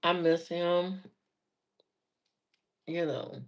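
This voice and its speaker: A woman's voice: on the low side, flat delivery, very slow. An adult woman telling stories in a casual, chatty way, laughing often as she goes. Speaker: vlogger. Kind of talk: casual storytelling.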